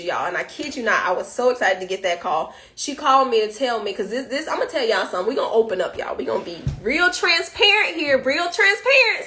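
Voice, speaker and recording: High, bright-voiced woman telling a story live. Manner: animated, playful, talks straight to viewers. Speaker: live-stream host.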